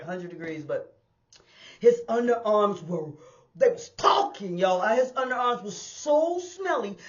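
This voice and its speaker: A woman who used to drive buses tells a personal street story in a casual, animated way, talking straight to her listeners and acting out the sounds. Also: medium pitch, lo-fi sound. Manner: animated, addresses listeners as y'all, acts out sounds. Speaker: storyteller and former bus driver. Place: indoors on a hot day.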